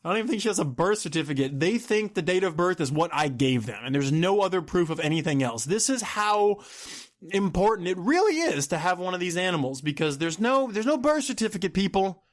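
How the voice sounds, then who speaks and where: A man hosting his own podcast, complaining in an exasperated, animated way with laughs and sudden outbursts. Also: high voice, brisk. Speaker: podcast host. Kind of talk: solo ranting podcast.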